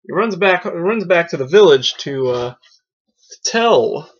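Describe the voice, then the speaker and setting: A man's voice: on the high side, takes it slowly. Goofy, rambling man reviewing a film. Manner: goofy, excitable, rambling with many restarts. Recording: dull lo-fi recording.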